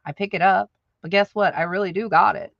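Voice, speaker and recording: A woman's voice: medium pitch, fairly even intonation, brisk, creaky, no echo, lo-fi sound. A woman hosting a live stream who chats straight to her viewers, laughing often. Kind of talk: casual livestream chat. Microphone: audio-only livestream.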